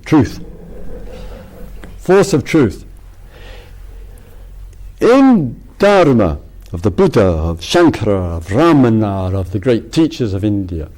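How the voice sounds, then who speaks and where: A man's voice: mid-range voice, dark tone. A man giving a casual spiritual talk, rambling with frequent restarts and laughter. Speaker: spiritual teacher.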